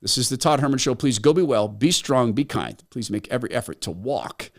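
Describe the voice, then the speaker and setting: A man's voice: mid-range voice, animated, a little fast. A man hosting his own talk show, delivering an opinionated monologue in a sarcastic, emphatic way. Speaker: host.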